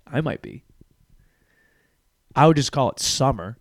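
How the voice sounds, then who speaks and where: A man's voice: mid-range voice, very animated, unhurried, no room sound, clean studio sound. A man hosting a podcast and riffing through a crude comedic monologue, rambling and profane. He slips into mock voices along the way.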